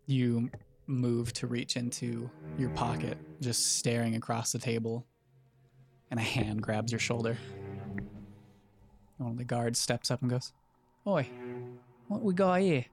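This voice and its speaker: A man narrating as the game master of a tabletop game, talking in a relaxed, matter-of-fact way. Faint music plays behind him. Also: mid-range voice, measured pace, creaky, pauses often.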